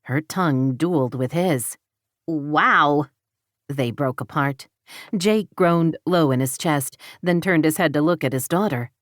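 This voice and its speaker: A woman narrating an audiobook romance in a steady, even storytelling manner. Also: low-pitched, a little slow, dry recording, clean studio sound. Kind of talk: scripted narration.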